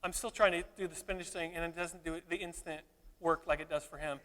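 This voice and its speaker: A man's voice: a little high, fairly even intonation, quick pace, fairly bright tone. A male pastor preaching a sermon in a church, playful and joking one moment, fervent the next. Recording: echoey hall reverb.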